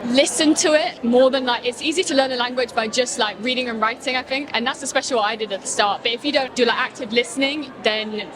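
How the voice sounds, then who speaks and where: A woman's voice: on the high side, quick pace, few pauses. A young woman, a university student, chatting casually in a street interview. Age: young adult. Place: outdoor street. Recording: street crowd noise.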